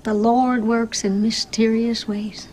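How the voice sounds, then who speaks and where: An actress playing a tender, tearful, devoted woman in a film, speaking softly and from the heart. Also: on the high side, flat delivery, slow. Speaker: film character.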